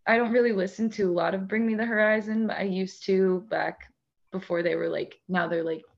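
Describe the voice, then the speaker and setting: A woman's voice: mid-range voice, steady tone, a little fast, creaky. Chatty woman, lo-fi sound. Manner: chatty, many "like" fillers, laughs often. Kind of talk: casual chat.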